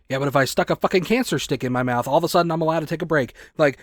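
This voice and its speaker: Young man in his twenties, heated profane rant, slightly high voice, dry close sound. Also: fast, hardly any pauses, dry recording. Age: 20s. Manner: heated, profane, ranting, often rising to near shouting. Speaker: convenience store clerk. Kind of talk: angry rant to camera.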